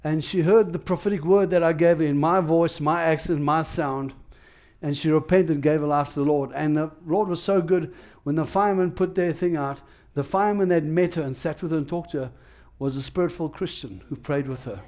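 A male preacher gives a sermon in a voice pitched slightly higher than typical for a man, a little mellow, with fairly even intonation and a fairly quick pace. His delivery is plain and conversational yet emphatic, driving points home through repetition and restarts.

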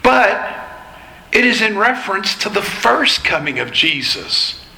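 A pastor delivers an expository sermon to his congregation at an unhurried pace, explaining each point with care. He has a fairly high, very bright voice. The sound is roomy and echoey, as in a church sanctuary, with faint ambience behind him. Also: sing-song, vocal fry. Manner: measured, explanatory teaching.

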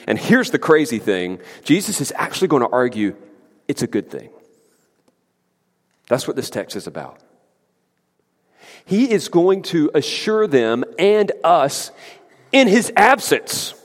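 A man preaching a sermon as pastor, emphatic and conversational, with lively asides to the congregation. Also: high voice, a little slow. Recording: long hall reverb.

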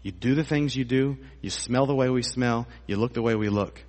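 A man preaching a sermon as a pastor in a church, animated and acting out voices with comic exaggeration. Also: mid-range voice, normal speed. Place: church sanctuary. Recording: long hall reverb.

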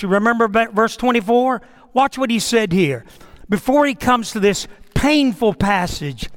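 A middle-aged man preaches from the pulpit with a notably high voice. He swings from emphatic, rising declarations to hushed, quiet lines. His words ring out with a long reverb through a church sanctuary. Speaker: pastor. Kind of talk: sermon.

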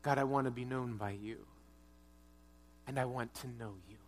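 A pastor preaching a sermon, earnest, moving between strong urging and quiet, hushed prayer. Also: male voice, mid-range voice, steady tone, moderate pace. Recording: long hall reverb.

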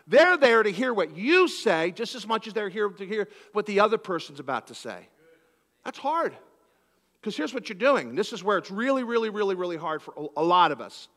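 Male pastor from Philadelphia, high bright voice, lively sermon with acted-out exchanges, long church-hall reverb. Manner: animated preaching, acts out conversations.

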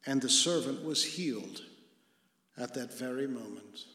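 Male pastor, slow deliberate sermon delivery, earnest with hushed emphasis, long hall reverb. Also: medium pitch. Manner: earnest preaching, dropping to a hush for emphasis.

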